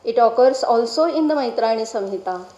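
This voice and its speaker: A woman's voice: on the high side, animated, warm tone, lo-fi sound. Woman reading a scholarly lecture, echoey hall. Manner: measured, deliberate delivery with careful pronunciation of Sanskrit terms. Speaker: scholar presenting a paper. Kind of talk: read academic lecture.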